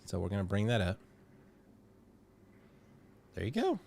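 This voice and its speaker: A man hosting a live stream, casually walking a guest through a software setup, step by step. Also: lowish voice, huge pitch swings, a little slow, vocal fry, a little hiss or hum. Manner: explains step by step, loose and chatty. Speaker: host.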